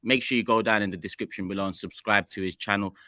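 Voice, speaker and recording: A man's voice: fairly low pitch, fairly even intonation, fast talker, bright, forceful tone, dry recording. A man hosting a casual football panel show, teasing his guests and announcing what comes next. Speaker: host.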